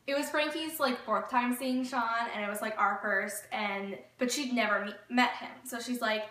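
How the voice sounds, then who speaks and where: Bright-voiced chatty woman vlogger. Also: fairly high pitch, normal speed, few pauses. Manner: gushing, chatty, many fillers. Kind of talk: casual storytelling vlog. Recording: echoey room, mic at a distance.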